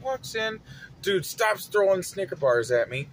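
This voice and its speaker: A man telling a story from his retail job in an animated, dramatic way. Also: high voice, unhurried, slight background noise. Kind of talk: casual storytelling vlog.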